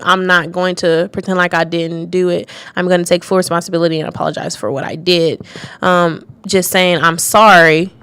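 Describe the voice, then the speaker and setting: A woman with a fairly low voice talks through a topic on a radio show, thinking out loud and reading bits from her notes. She pauses on fillers and restarts her sentences. The sound is dry and close, with no room around her. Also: no echo.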